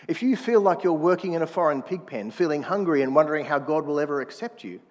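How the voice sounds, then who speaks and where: A man's voice: on the high side, big-room sound. A man preaching a sermon in a conversational manner, prodding the congregation to answer back. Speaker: pastor.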